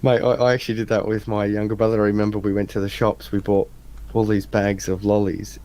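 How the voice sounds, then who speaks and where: An Australian man on a video call, telling casual anecdotes in an animated way, acting out the people in his stories. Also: on the low side, quick pace. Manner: animated anecdote teller, acts out voices in stories. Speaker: interviewer. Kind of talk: casual storytelling chat. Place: home room with adjustable lights.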